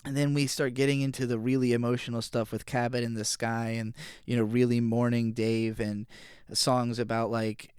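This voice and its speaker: A man's voice: mid-range voice, little pitch movement, moderate pace, darkish tone, smooth, no room sound, studio quality. A young man from Virginia talking through his favorite albums in a rambling, emotional way, full of fillers. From Virginia, USA. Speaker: music reviewer. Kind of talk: casual album review monologue.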